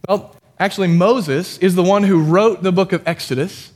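A man delivers a sermon to his congregation in a relaxed, talkative way. His voice sits a little high for a man. He jokes at his own expense and often restarts his sentences. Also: moderate pace. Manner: conversational, self-deprecating, with frequent restarts. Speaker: pastor.

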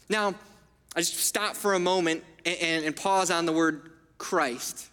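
A man preaching in a church sanctuary, his voice high and bright as it rings through a hall with a long reverb. He keeps it conversational and checks in with the listeners often. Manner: conversational, asks the room for agreement. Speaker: pastor. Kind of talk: sermon.

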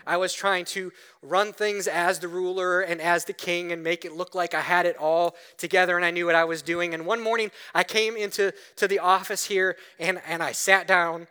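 A man's voice: high voice, flat delivery, normal speed, few pauses, bright, forceful tone, clean tone. A man preaching a sermon as pastor in a church, talking conversationally and telling a personal story with acted-out quotes.

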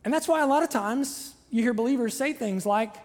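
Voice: mid-range voice, a little fast, darkish tone. Pastor with a Southern Ohio accent, reverberant sanctuary. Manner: conversational and joking, with repeated emphatic phrases. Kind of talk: sermon. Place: church sanctuary.

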